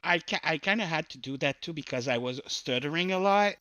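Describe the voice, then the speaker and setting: A man's voice: a little high, expressive, highs cut off, a crowd in the background. A man with a French accent, guest on a podcast, chatting casually and searching for words. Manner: halting, searching for words, playful. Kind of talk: casual chat.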